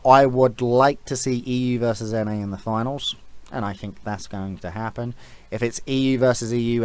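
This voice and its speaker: A man's voice: medium pitch, no room sound. Blunt swearing man ranting, dry sound. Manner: blunt, swears freely, rambling asides. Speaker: esports commentator vlogger. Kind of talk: casual opinion rant.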